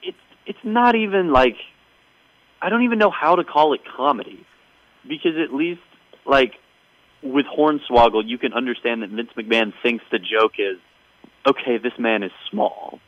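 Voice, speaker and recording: A man talks casually as a podcast host, recapping a string of events with wry, bemused asides. His voice is mid-pitched, and the recording sounds dull and a bit lo-fi. The room is dead and dry, with no echo. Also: normal speed. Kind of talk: casual chat.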